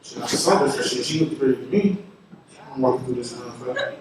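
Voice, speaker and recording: A man doing crude, animated stand-up comedy, jumping into high-pitched voices for the people in his stories. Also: fast talker, heavy background noise. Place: comedy venue with audience. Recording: far-off roomy live crowd recording.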